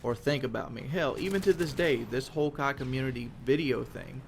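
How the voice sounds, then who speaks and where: A man's voice: mid-range voice, fairly quick, vocal fry, a little hiss or hum. A man giving a casual monologue as a gaming commentator, frank and rambling, with casual swearing.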